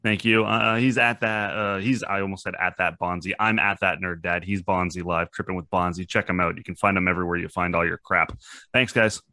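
A deep-voiced podcast host talks a little fast with fairly even intonation and a sharp tone. Recorded on a studio mic with headphones, he rambles easily through casual chat and the outro, swearing casually.

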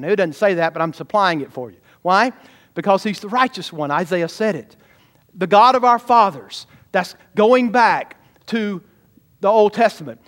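A man, a pastor, preaching a sermon emphatically and often calling out questions to his congregation. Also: high voice.

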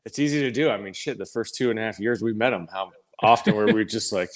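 Man, low voice, laid-back co-host banter. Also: fast. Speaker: podcast co-host. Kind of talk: casual podcast chat.

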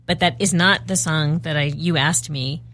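A woman co-hosting a podcast, chatty and wry with quick asides. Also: low voice, fairly bright tone. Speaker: podcast co-host. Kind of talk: casual chat.

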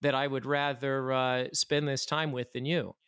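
A man's voice: medium pitch, little pitch movement, normal speed, fairly bright tone, clean tone. A man co-hosting a podcast, chatting casually and enthusiastically, laughing often. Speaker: podcast co-host.

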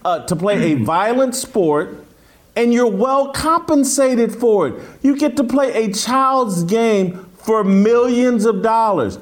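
High-voiced emphatic male sports host. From Indianapolis, USA. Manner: emphatic, mocking, storytelling. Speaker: sports talk show host. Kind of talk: opinionated sports commentary.

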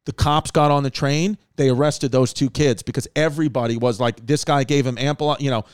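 A man tells a rambling story in casual chat. His voice is smooth and clear, and it is recorded close and dry. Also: mid-range voice, steady tone, fairly quick, no room sound. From Queens, New York. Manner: rambling, with many fillers and profanity.

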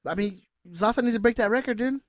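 A man's voice: very high voice, fast talker, no room sound, clean studio sound. A man co-hosting a casual sports podcast, joking with friends and reading out listener emails. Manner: relaxed, jokey, reads out listener emails. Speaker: podcast co-host.

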